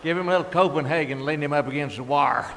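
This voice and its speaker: A middle-aged man telling a comic story in a drawling, deadpan way, adding sound effects and chuckles. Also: on the high side, quick pace, noisy background. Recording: live hall reverb, faint ambience.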